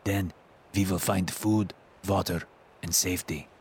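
A man's voice: low voice, steady tone, measured pace, slight background noise. A man voicing an older, gray-bearded Russian man with a thick Russian accent, speaking bluntly and heartily. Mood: earnest. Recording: narration over clear music.

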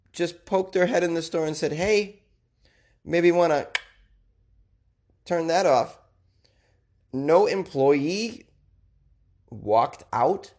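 A man's voice: fairly high pitch, a little mellow. A man hosting casual news commentary, joking and rambling with self-deprecating asides. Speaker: podcast host.

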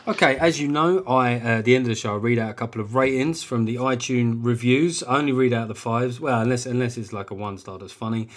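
A middle-aged English comedian talks straight into the mic, rambling and sardonic, with swearing dropped in casually. His voice sits at an ordinary male pitch, with restarts and asides throughout. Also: quick pace, few pauses. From England. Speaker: comedian podcast host. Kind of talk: casual monologue.

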